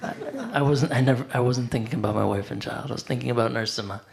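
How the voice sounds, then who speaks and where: A man telling a personal story in a casual spiritual talk, animated and conversational, acting out other people's lines. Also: mid-range voice, fast, vocal fry. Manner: animated, acts out voices, conversational with "like". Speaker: devotee speaker.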